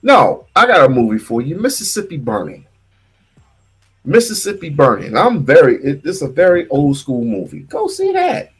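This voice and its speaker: A man's voice: on the high side, huge pitch swings, moderate pace, breathy edge, soft background music. A man hosting a casual livestream, talking in bursts with stammered restarts and repeated words. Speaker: livestream host.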